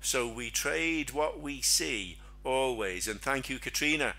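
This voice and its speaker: Bright-voiced man teaching trading. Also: medium pitch, measured pace. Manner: chatty, asks rhetorical questions, acts out silly quoted voices. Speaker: trading webinar host. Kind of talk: casual teaching chat.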